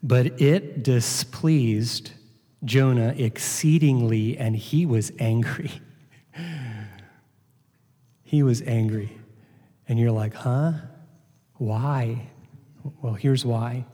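With a mellow, dark, mid-range voice, a man delivers an earnest sermon slowly and deliberately, frequently repeating words as he teaches. A long hall reverb hangs over the recording.

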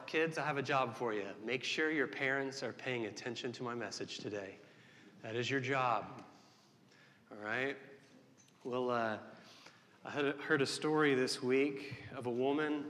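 A man's voice: mid-range voice, fairly bright tone. Male pastor, easygoing storyteller with restarts, preaching in a church hall with long reverb. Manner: folksy joke-telling, many restarts. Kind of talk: sermon.

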